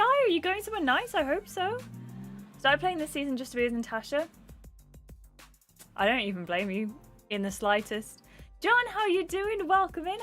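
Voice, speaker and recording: A woman's voice: medium pitch, fairly bright tone. A young adult woman livestreaming a game, chatting casually and greeting viewers by name. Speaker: gaming livestreamer.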